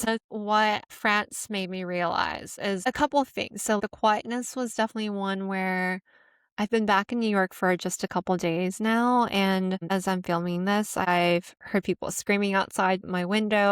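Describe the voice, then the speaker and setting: A young woman from the United States speaks in a smooth, clear voice, soft-spoken and easygoing, with a light laugh now and then. She talks through her reflections at a relaxed conversational pace. The sound is close and dry, with no room echo. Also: medium pitch. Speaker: vlogger. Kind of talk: casual reflective monologue. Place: apartment room.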